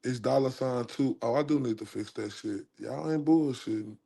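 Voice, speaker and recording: A man's voice: medium pitch, normal speed, gravelly, mellow, husky. A man from Texas, chatting casually on his livestream, joking and laughing at himself. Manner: laughs at himself, breaks into singing. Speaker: livestream host.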